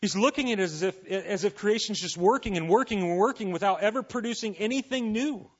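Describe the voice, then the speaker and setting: A man preaching a sermon, reading scripture and making casual, animated asides to his listeners. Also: sits high, fairly quick, muffled recording. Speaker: pastor.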